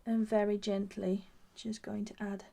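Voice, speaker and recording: A woman's voice: medium pitch, little pitch movement, a little slow, creaky, warm tone. A woman, the founder of a craft shop, giving a live craft demonstration. She chats as she works and gushes over the results. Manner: gushing, admiring her own work; chatty, thinking aloud as she works.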